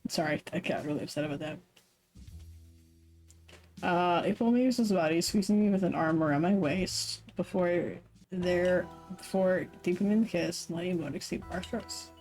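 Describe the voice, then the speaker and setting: A woman's voice: on the low side, a little fast, darkish tone, soft background music, rough recording. A woman streamer reading a visual novel aloud with live commentary, swearing casually, laughing often and correcting herself mid-sentence. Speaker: Twitch streamer.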